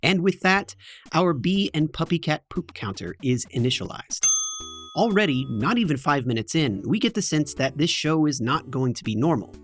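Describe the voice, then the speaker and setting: Male video essay host, wry and joking, animated delivery, soft music under him. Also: fairly high pitch, moderate pace. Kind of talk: scripted video essay narration. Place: home basement in front of green screen.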